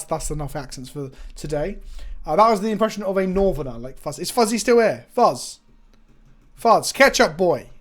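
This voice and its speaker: A high-pitched man talks casually into a desk microphone while he streams a card game. He is excitable, swears freely and banters with his chat between plays. His voice stays light and lifted even when he mutters. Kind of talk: casual live-stream commentary.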